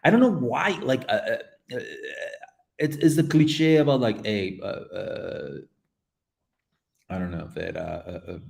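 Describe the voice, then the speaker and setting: A man's voice: medium pitch, creaky. A man hosting a casual live stream while he paints, chatting with viewers in a playful, rambling, jokey way and talking straight to the chat. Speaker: livestream host painting community art.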